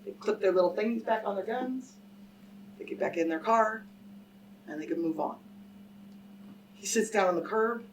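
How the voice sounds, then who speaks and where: This woman's voice is mid-range, with a moderate pace and long pauses, as she lectures publicly and narrates a story before a live audience. She comes across as emphatic and direct, regularly asking the crowd questions. Faint background noise is audible, and she is slightly far from the microphone.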